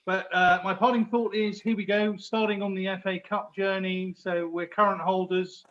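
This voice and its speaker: A man from London with a notably high voice chats in an upbeat way as a podcast guest. His audio is dull and lo-fi, as from a weak video call. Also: level tone, moderate pace, a bit bright. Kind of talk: casual roundtable chat.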